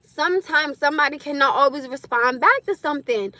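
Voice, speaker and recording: High bright-voiced woman ranting. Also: brisk, no echo. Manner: blunt, animated, laughing often, slangy. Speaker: livestream host. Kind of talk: casual livestream rant.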